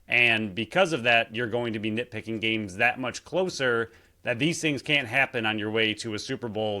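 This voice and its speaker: Bright-voiced, agreeable male co-host. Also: mid-range voice. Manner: agreeable, animated, incredulous asides. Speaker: podcast co-host. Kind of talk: casual sports podcast chat.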